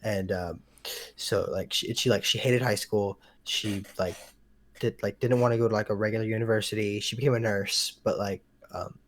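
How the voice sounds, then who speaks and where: A man's voice: fairly low pitch, fairly even intonation, normal speed, fairly bright tone, a little hiss or hum. A young man co-hosting a podcast, telling rambling family stories in casual chat and chuckling now and then. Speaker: podcast co-host.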